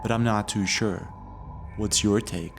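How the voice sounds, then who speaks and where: Low-voiced male mystery narrator. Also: steady tone, gravelly, over music. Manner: measured storytelling, leading questions. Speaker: video narrator. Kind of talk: scripted narration.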